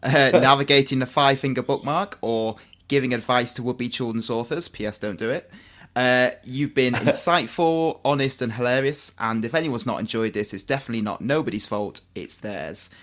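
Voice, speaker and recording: A man's voice: medium pitch, normal speed, fairly bright tone. A man co-hosting a podcast in casual chat, joking and laughing often as he talks. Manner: jokey, laughs often mid-sentence. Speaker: podcast co-host.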